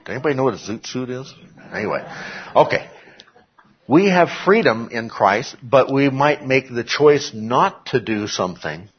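A man's voice: mid-range voice, expressive, moderate pace, lo-fi sound. A man preaching a sermon in a conversational way, adding joking asides and often checking in with "okay?". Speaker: pastor.

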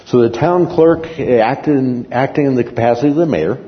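A man teaching a Bible class in a lively, conversational way, often checking in with his listeners, on a muffled recording in a reverberant hall. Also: medium pitch, a little fast, few pauses, a little hiss or hum.

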